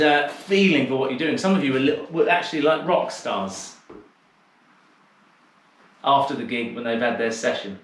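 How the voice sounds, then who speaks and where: A man's voice: mid-range voice, moderate pace, long pauses, distant mic. A man teaching a dance class over a video call, calling out steps and chatting with a teasing manner. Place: home room on a video call. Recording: very echoey room.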